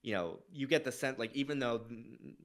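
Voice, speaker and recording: A man's voice: mid-range voice, expressive, fairly quick, a bit bright. A man co-hosting a casual film discussion, speaking earnestly and thoughtfully with fillers. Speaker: podcast co-host.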